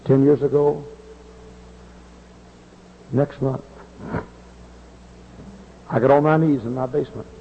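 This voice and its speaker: A man's voice: medium pitch, fairly even intonation, slow, pauses often, big-room sound, a little hiss or hum. A man preaching a revival sermon before a large congregation, telling stories with passion and hollering. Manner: hollering, impassioned storytelling. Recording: muffled lo-fi recording.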